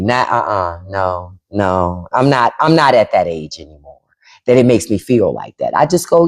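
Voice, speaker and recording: A woman's voice: very deep voice, very animated, moderate pace, darkish tone. A middle-aged woman hosting a casual livestream from home into a microphone, acting out quoted voices as she talks. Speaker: livestream host.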